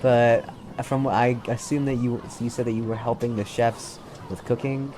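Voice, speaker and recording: A man's voice: medium pitch, flat delivery, moderate pace, noisy background, close to an everyday voice. A man voicing a friendly young woman companion.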